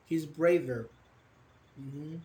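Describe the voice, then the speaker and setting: With a slightly high, dark-toned voice, a young man leads a live online lesson on English grammar. His style is patient and questioning, repeating words at a slow pace.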